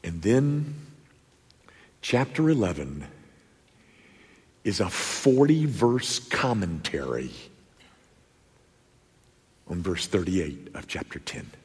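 A man preaching a sermon to his congregation, emphatic, with dramatic pauses and rhetorical questions. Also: low-pitched, sing-song, breathy edge. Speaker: pastor. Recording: long echoey church reverb.

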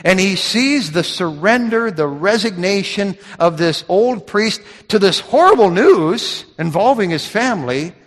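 Middle-aged guy preaching, folksy stories, trips over his words a lot, voice a bit high, echoing church hall. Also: lively intonation, unhurried, hardly any pauses. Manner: folksy storytelling with repeated restarts. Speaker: pastor. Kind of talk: sermon. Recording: long hall reverb.

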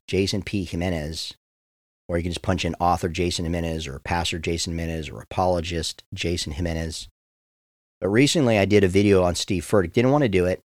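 A man's voice: deep voice, dry recording, studio quality. A man in his forties, a pastor teaching the Bible on a podcast in an earnest, heartfelt way, often speaking straight to his listeners.

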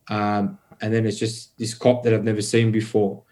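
A man's voice: lowish voice, normal speed. A man, a podcast guest telling a long story in casual talk, swearing a lot and rambling with many fillers. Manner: swears heavily, rambling and animated.

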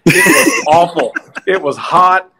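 A man with a high, very lively voice that swings up and down as he tells stories in casual chat. He laughs often and jumps into a raised voice when acting out quotes. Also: slow pace, breathy edge, low-quality recording. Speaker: guest, former baseball broadcaster.

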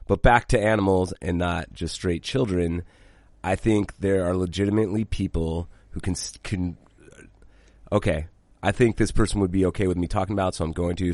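A man with a very low voice co-hosts a casual podcast. He talks bluntly, swears freely, and rambles through restarts. The recording is close and dry. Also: a little mellow, dry recording. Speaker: podcast co-host. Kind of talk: casual chat.

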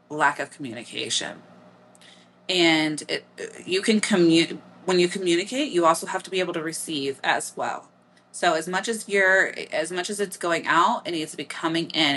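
A woman's voice: low-pitched, fairly bright tone, a little hiss or hum. A middle-aged woman with a Midwestern accent, hosting a podcast in a candid, casual monologue full of blunt swearing. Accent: Midwestern American. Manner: blunt, frequent swearing, laughs easily. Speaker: podcast host.

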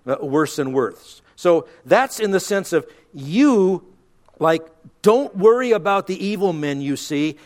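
A middle-aged man delivers radio Bible teaching as a pastor. He speaks earnestly and leans hard on key words, often restarting a phrase. His voice sits a little high for a man.

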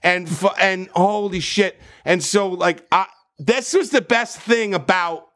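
A man from New Jersey telling stories in casual podcast chat, profane and animated. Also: sits high, takes it slowly. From New Jersey, USA.

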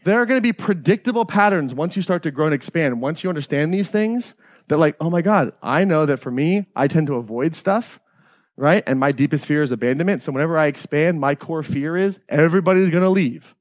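A man's voice: fairly high pitch, expressive, brisk, no echo, studio quality. A middle-aged man leading a live workshop, talking casually and with profanity, often checking in with the audience by asking "right?". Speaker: workshop leader.

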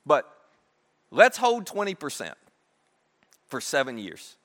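A man's voice: on the high side, wildly swooping pitch, takes it slowly, fairly bright tone, full character voice. A man playing a bold young prisoner offering advice. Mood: eager. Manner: casual, confident, chatty. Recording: echoey hall.

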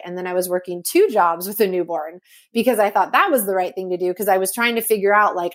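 A woman's voice: mid-range voice, quick pace. A woman in her thirties from California, chatting as a podcast guest, full of "like" and acting out her own quotes in a raised voice. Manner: chatty, heavy use of "like", acts out quotes in a raised voice. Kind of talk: casual conversational interview.

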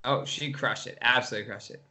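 A man chatting as a guest, effusive and halting, full of restarts. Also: mid-range voice, steady tone, pushed and bright. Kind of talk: casual chat.

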